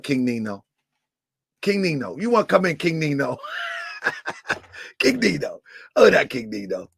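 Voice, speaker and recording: Man w/ aave roasting people on a livestream, high and bouncy voice, raspy. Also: dry recording, studio quality. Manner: loud, laughing, teasing, repeats himself. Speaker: livestream host. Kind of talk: live stream commentary.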